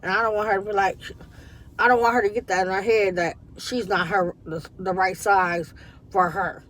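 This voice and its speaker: A woman's voice: medium pitch, normal speed. A woman, telling a story in a casual vlog from her parked car, acting out what people said. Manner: chatty, animated retelling with quoted dialogue. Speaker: vlogger.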